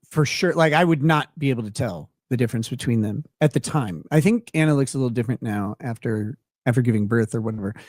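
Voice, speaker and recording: A man's voice: medium pitch, dry recording, studio quality. A man from Minnesota, hosting a show and telling a rambling story in casual chat, laughing often and restarting his sentences. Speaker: show host.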